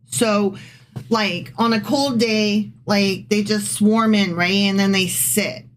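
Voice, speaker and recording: A woman's voice: mid-range voice, fairly even intonation, slow pace. A woman co-hosting a podcast who reads scripture aloud and comments on it in a casual, sarcastic, irreverent way. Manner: sarcastic, irreverent, chatty with frequent "like". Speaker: podcast co-host.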